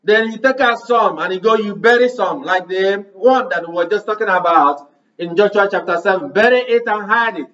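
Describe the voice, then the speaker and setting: A man's voice: high-pitched, normal speed, a bit bright, far from the mic, muffled recording. A man preaching a sermon, pressing his listeners with repeated rhetorical questions.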